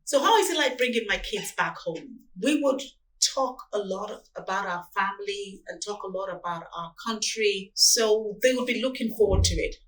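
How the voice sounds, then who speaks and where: A woman's voice: mid-range voice, normal speed, far from the mic, rough recording. A woman in her forties with a Nigerian accent, answering interview questions about parenting in a reflective, earnest way. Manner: earnest, animated storytelling.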